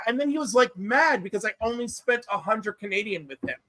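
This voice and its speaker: A man chatting casually on a panel, telling lively stories and acting out what people said. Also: very high-pitched, moderate pace, no room sound. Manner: animated storyteller, acts out quoted voices. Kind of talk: casual chat.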